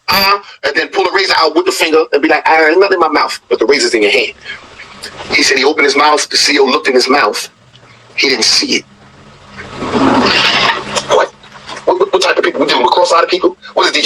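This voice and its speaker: A man's voice: fairly high pitch, fairly quick, long pauses, background noise. A man hosting a reaction video, telling a story in blunt, profane, scoffing casual commentary.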